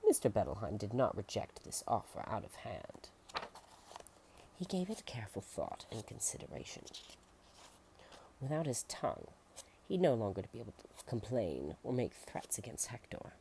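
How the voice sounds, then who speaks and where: A soft-spoken ASMR narrator reading a storybook aloud, slipping into whispers and making playful asides. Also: mid-range voice, sing-song, moderate pace, creaky, a little hiss or hum.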